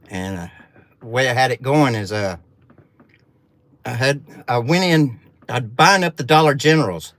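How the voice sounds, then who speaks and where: A man's voice: mid-range voice, fairly bright tone. A man from Arkansas with a Southern accent, telling a rambling, profane story in a folksy, casual way.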